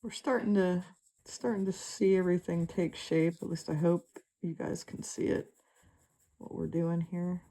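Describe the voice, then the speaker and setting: A woman talking viewers through a colored pencil drawing in a relaxed, chatty way, with lots of fillers and trailing thoughts. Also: fairly low pitch, measured pace. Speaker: art tutor. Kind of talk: relaxed draw-with-me instruction.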